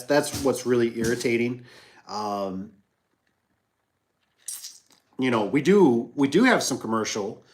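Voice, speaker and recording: A middle-aged man in an easygoing livestream chat, his pitch sitting squarely in the ordinary range for a man. He rambles from one work story to the next, loops back on the same phrases and slips into quick impressions of the people he is quoting. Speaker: business owner hosting a livestream.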